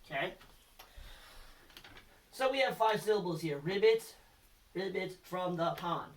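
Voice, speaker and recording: A man with a high, animated voice speaks a little slowly as he gives children a recorded lesson. He is patient and encouraging, quizzing them with letter hints, and he sounds slightly far from the mic.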